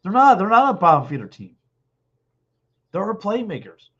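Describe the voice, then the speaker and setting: A man in his fifties hosting a podcast, talking sports alone and reading out live comments, blunt and excitable, repeating himself, a little hoarse with a dry throat. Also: high voice, normal speed. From Philadelphia. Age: 50s. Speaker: podcast host. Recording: dull lo-fi stream audio.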